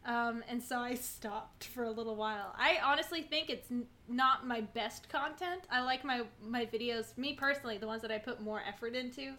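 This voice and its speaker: Young female guest, bright sharp tone, loose filler-heavy chat. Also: on the high side, normal speed, few pauses. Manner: rambling, filler-heavy with many ums and likes. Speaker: guest content creator. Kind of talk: casual chat.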